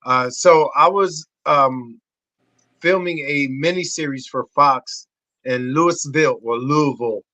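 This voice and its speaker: Male podcast guest, forties, excitable raconteur, slightly high and bright. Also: slow pace, dry recording, rough recording. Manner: excitable, swearing, acts out voices in high shouts. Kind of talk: animated storytelling.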